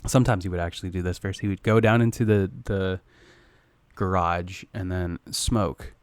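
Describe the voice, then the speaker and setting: Young male podcast co-host, lowish voice, dry close mic, crude rambling banter. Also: steady tone, normal speed, clean tone, dry recording. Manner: rambling, crude and jokey, with sudden loud jumps. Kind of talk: casual chat.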